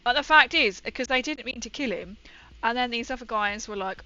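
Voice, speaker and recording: A woman's voice: fairly high pitch, normal speed, bright, forceful tone, muffled recording. A young woman chatting casually and rambling through a story while she paints on a livestream.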